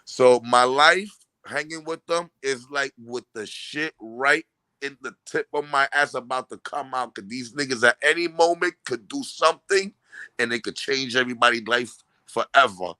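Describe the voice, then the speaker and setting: New York man, mid-pitched, profane slang-heavy storyteller, casual chat. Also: normal speed, pushed and bright, no room sound. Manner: profane, street slang, rambling anecdotes.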